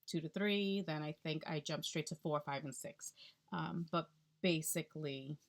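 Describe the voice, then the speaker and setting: A woman's voice: sits low, normal speed. Chatty woman speech therapist explaining. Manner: chatty, explanatory, with fillers and check-ins. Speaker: speech-language pathologist. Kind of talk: instructional explainer to camera.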